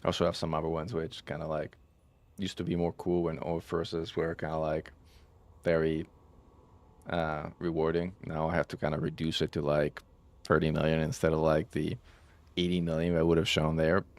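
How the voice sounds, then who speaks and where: A man's voice: extremely low pitch, monotone, normal speed. A man casually chatting with viewers on a live stream, rambling and correcting himself as he goes. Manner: rambling, self-correcting, with frequent "um" and "like". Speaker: game streamer.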